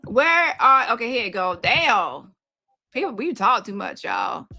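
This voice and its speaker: A woman's voice: on the high side, big pitch swings, measured pace, gravelly, pushed and bright. A woman hosting a casual livestream, blunt and gossipy, talking straight to her viewers. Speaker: livestream host.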